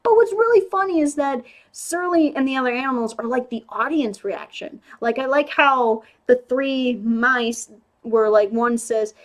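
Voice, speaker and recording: A woman's voice: high voice, moderate pace. Chatty young woman reviewing a movie. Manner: chatty and animated, many "like"s and restarts. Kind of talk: casual spoken review.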